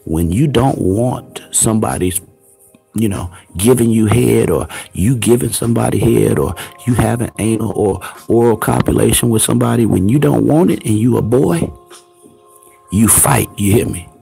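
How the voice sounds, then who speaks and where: A man's voice: fairly low pitch, moderate pace, creaky, mellow, slightly rough, soft background music. A man hosting his own online show, delivering a confrontational, preachy rant full of taunting rhetorical questions. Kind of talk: ranting commentary.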